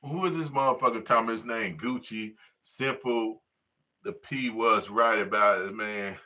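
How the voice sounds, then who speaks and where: A man rants on a livestream in a rambling, profane flow, circling back on himself with constant fillers. His voice is bright and sits a little back from the mic. The audio is dull and lo-fi. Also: fairly low pitch, steady tone, unhurried, distant mic. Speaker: livestream host. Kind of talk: casual livestream rant.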